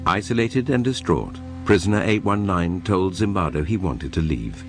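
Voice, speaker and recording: A man narrating a documentary in a measured, dramatic scripted read. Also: low voice, animated, faint music behind.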